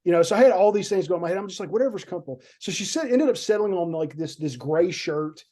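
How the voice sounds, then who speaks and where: A man's voice: high voice, lively intonation, quick pace, dark tone. A man, a film director, telling a story in casual podcast chat, rambling and repeating words as he goes.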